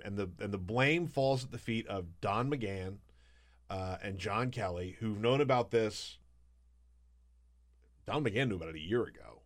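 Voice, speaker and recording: Male podcast host, casual and sarcastic, lively up-and-down delivery. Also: lowish voice. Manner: sarcastic, animated, laughs often. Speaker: guest host. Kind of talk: casual political podcast chat.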